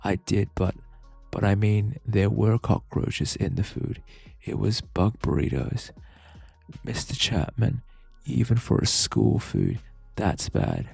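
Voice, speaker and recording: In a whispered role-play, a man plays a frightened schoolboy who pleads and stammers his way through protests. The voice stays husky and gravelly and moves very slowly. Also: lowish voice, sing-song, a little mellow, no room sound, soft background music, exaggerated voice. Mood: pleading.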